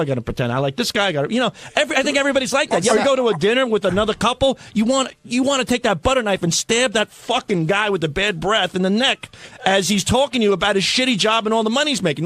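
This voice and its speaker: A man's voice: high voice, expressive, racing, fairly bright tone, dry recording. A man telling rambling, self-deprecating stories in radio studio banter. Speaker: radio show staffer.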